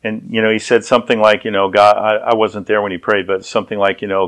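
A man's voice: fairly low pitch, steady tone, fast talker. A man preaching a sermon, telling a story in a conversational way that often repeats and restarts words.

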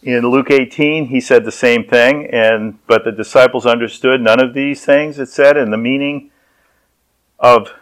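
A man's voice: medium pitch, fairly even intonation, a little slow, low-quality recording. A man preaching a sermon as pastor, telling personal stories and acting out the people in them. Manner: storytelling, acts out voices.

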